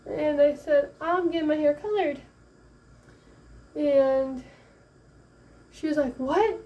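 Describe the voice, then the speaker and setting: A young woman from Michigan, a first-time mom, casually telling a story in a chatty, animated way, acting out the voices of the people in it. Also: high-pitched, takes it slowly, recorded from a distance. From Michigan, USA. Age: young adult. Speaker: vlogger. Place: home, late at night.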